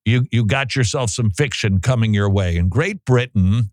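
A man hosting a talk show, giving sarcastic, animated commentary. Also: on the low side, normal speed, no echo. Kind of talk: opinionated commentary.

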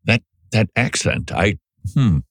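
A man's voice: on the low side, expressive, takes it slowly, creaky, a bit bright. A male commentator reacting to played speech clips in a sardonic, conversational way, often restarting his sentences. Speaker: political commentator.

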